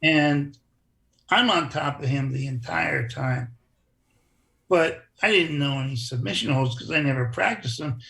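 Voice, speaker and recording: A man telling stories in a casual interview, animated and acting out other people's lines. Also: fairly high pitch, a little slow, creaky. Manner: animated storyteller who acts out quoted voices. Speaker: interview guest, former wrestler.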